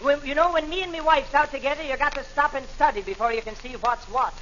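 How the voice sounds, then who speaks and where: A man's voice: very high voice, quick pace, background noise. A man doing a blustering barber-hating crank in a brogue. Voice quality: stage brogue, says "me" for "my". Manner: blustering, bursts into indignant outbursts. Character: stubborn long-haired man who hates barbers. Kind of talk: 1940s radio comedy sketch. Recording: dull lo-fi old radio broadcast.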